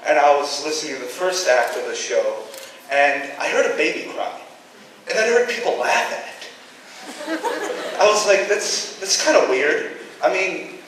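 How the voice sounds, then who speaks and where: Teen boy doing stand-up in a booming hall. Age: teens. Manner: casual, deadpan asides broken by sudden shouted bits. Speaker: student comedian. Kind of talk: stand-up comedy. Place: school auditorium stage. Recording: echoey hall from far off with noise.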